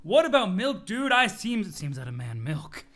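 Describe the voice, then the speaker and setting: A brash, muscle-proud young guy, as a male reader puts him on bellows for attention in a high, swooping, bright voice. He commands and brags nonstop and chokes back his own swearing mid-word. It sounds like a storybook reading done with gusto. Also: very animated, moderate pace. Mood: giddy. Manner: bellowing, bossy, swallows his own curse words. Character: boastful muscle-obsessed young man, loud and pushy.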